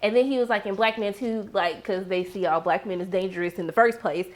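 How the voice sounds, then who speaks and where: A young woman, giving a sassy, animated recap of a TV episode and acting out her reactions. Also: mid-range voice, brisk. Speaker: TV recap host. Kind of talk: casual recap commentary.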